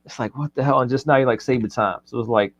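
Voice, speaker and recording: A man's voice: mid-range voice, fast talker. A man co-hosting a casual live chat, telling rambling stories and laughing often. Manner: loose, joking storyteller, laughs often. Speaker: co-host.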